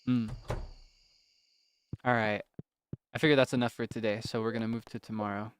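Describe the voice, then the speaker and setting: A man casually chatting while streaming a farming game, rambling with lots of fillers and quick laughs. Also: lowish voice, little pitch movement, noisy background. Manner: rambling, many fillers, giggly.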